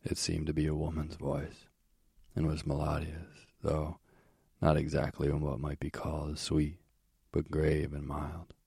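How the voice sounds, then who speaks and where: A man who narrates an audiobook of a myth in a measured, steady way. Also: a bass voice, vocal fry, husky, no room sound, clean studio sound.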